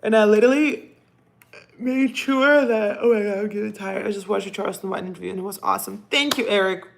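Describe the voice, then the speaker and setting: A woman's voice: mid-range voice, steady tone, quick pace, gravelly. A woman whose first language is Russian, chatting casually on a live stream as she reads viewer comments aloud and talks to her cat. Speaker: livestream host reading viewer comments.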